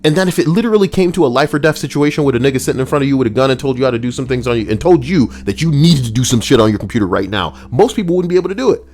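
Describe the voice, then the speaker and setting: A man hosting a casual reaction stream, talking in a slangy, animated way and swearing freely. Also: medium pitch, racing, hardly any pauses, soft background music. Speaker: streamer host.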